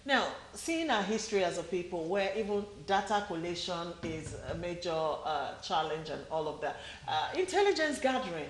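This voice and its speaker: A television host leads a panel discussion at an ordinary pitch. The host mostly gives short acknowledgements, then poses long questions. The voice carries the echo of a roomy studio. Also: very animated, normal speed, few pauses, slight background noise. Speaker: TV show host. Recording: echoey studio.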